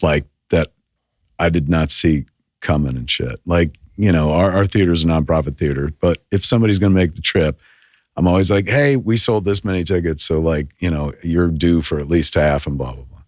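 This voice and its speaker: A filmmaker in casual podcast chat, an animated storyteller who swears often and acts out quotes. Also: male voice, sits low, moderate pace, no room sound, studio quality. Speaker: filmmaker guest.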